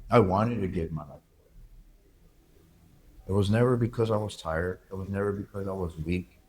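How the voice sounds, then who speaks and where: A man, speaking as an interview guest and telling his story in a candid, halting, reflective way. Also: deep voice, darkish tone, breathy edge. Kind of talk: emotional personal interview.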